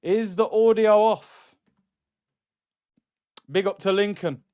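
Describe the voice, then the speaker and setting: A man hosts a live football watchalong, bantering and reading out chat comments. His voice sits high for a man. The stream audio is dull and lo-fi. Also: takes it slowly, clean tone. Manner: animated and joking, reads out chat comments.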